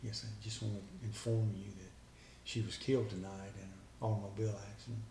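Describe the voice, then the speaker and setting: A man's voice: on the low side, steady tone, fast talker, vocal fry, warm tone, distant mic, a little hiss or hum. Earnest man in an echoey room. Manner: earnest, retells a conversation line by line. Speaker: guest. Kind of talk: personal storytelling. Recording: echoey room with faint background ambience.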